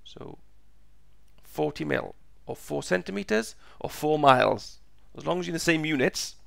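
A man teaching a step-by-step physics lesson, slow and patient, repeating each step, his voice croaky and going hoarse. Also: a little high, expressive, no room sound, clean studio sound. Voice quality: gravelly, croaky.

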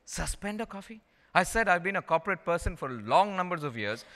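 A man's voice: sits high, big pitch swings, fairly quick, bright, forceful tone. A middle-aged man from India with an Indian English accent, giving a storytelling keynote talk and repeating phrases for emphasis. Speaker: conference speaker. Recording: long hall reverb.

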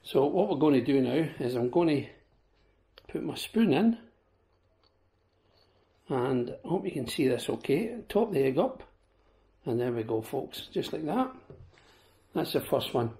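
Gravelly Scottish man with a sore throat. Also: medium pitch, warm tone. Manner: chatty, addresses viewers as folks. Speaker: vlogger. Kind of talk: casual product demo.

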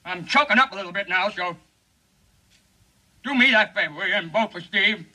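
An actor playing a shady, folksy TV pitchman pleading for a crooked friend's election in a 1950s film comedy. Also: normal speed, bright, forceful tone, far from the mic, heavily acted, low-quality recording. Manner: folksy, pleading sales patter.

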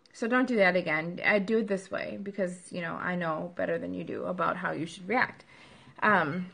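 A woman's voice: medium pitch, fairly bright tone. A woman in her thirties, a livestream host, talking casually about parenting with a conversational flow and frequent filler ums. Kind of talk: casual advice talk.

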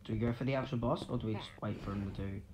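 A man hosting a casual gameplay video, teasing his co-player and breaking into loud outbursts. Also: fairly low pitch, steady tone, very fast. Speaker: host. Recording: noisy game-chat audio.

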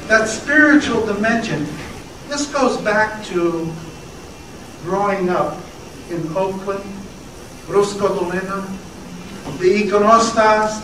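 A man's voice: high-pitched, background noise. A man reminiscing reflectively about a family member in a documentary interview. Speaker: relative of the subject. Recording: very echoey, distant mic.

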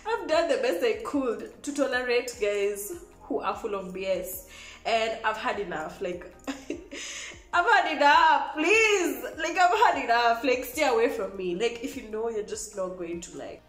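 A young Kenyan woman with a Kenyan accent telling an exasperated, animated storytime vlog, switching between languages. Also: mid-range voice, normal speed, reverberant, faint music behind. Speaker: vlogger.

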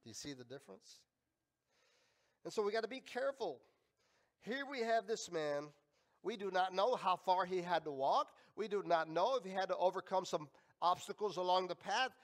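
A male pastor preaching a sermon, emphatic and swinging between loud and quiet. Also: sits high, animated, moderate pace. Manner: emphatic, rising and falling in volume.

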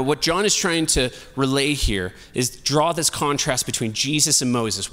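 A man's voice: mid-range voice, a bit bright, long reverb tail. A male pastor giving a sermon in a casual, humorous, storytelling way. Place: church sanctuary.

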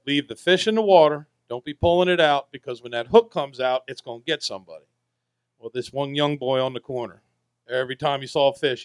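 A man, a charter boat captain telling folksy, animated stories to an audience and acting out the characters. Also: mid-range voice, smooth, no echo. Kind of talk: storytelling to an audience. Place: VFW hall event.

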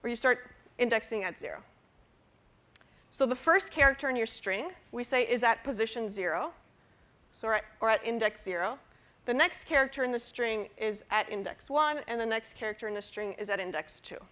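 Bright-voiced woman giving a university lecture. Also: on the high side, expressive, moderate pace. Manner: explanatory, with frequent fillers and restarts. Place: lecture hall.

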